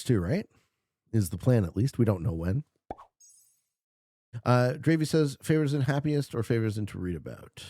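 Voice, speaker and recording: A man streaming a strategy board game, chatting casually with viewers and swinging from low murmurs to loud shouts. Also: lively intonation, moderate pace, long pauses, no room sound, clean studio sound. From Canada.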